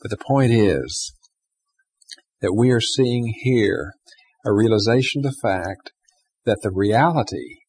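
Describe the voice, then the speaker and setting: Guy preaching a sermon, kinda husky, gets loud then drops real quiet. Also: lowish voice, slow, long pauses. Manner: animated, swings between loud emphasis and hushed asides. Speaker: pastor.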